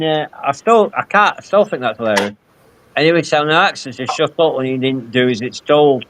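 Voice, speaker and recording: A man's voice: on the high side, a bit bright, a little hiss or hum. A man, telling rambling stories full of quoted dialogue on a casual live stream. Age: 50s. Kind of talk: casual chat.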